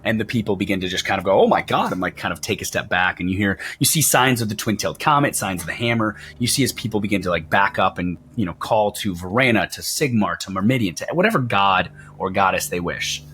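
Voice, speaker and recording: A man narrating a tabletop role-playing game as game master, describing scenes in a relaxed way. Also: deep voice, fast talker, hardly any pauses, slight background noise.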